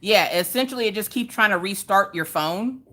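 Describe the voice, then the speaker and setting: A woman with a Southern US accent hosts a casual live stream, chatting loudly with viewers at a moderate pace. She jumps to high squeals whenever she greets them.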